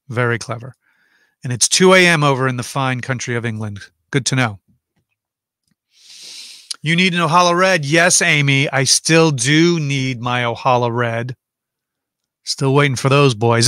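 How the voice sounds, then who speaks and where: A man's voice: medium pitch, sharp tone, no room sound, studio quality. A man hosting a casual livestream from home, chatting and rambling as he reads out viewer comments and answers them.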